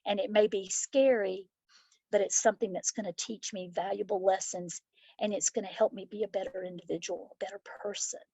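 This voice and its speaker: A woman's voice: mid-range voice, fairly even intonation, brisk, dark tone, breathy edge, dry recording. A middle-aged woman, a school principal, answering interview questions with heartfelt, reflective stories. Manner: heartfelt, reflective, acts out children's voices in stories. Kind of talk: interview answers, personal storytelling.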